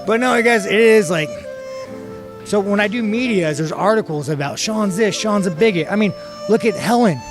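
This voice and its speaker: Guy cracking crude jokes, voice kinda high, music playing clearly behind. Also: normal speed. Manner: crude, joking. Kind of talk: casual chat.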